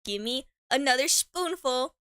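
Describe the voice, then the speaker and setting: Eating as she streams, a young woman of Mexican heritage rambles in casual chat, tripping over her words, dropping plenty of slang, laughing a lot, and occasionally speaking with food in her mouth. Her high voice is expressive, unhurried, fairly bright, clear, and resonant. The recording is dry and studio quality.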